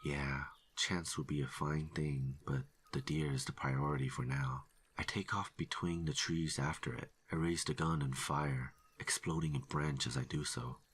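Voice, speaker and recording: A man narrating a first-person horror story in a steady, low-key delivery. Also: normal speed, slightly rough.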